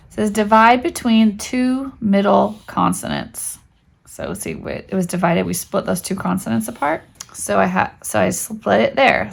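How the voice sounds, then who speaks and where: A homeschool teacher with a mid-range voice, lively intonation and vocal fry walks through spelling and syllable rules a little slowly. Her manner is chatty and step by step, and she checks in often with "right?"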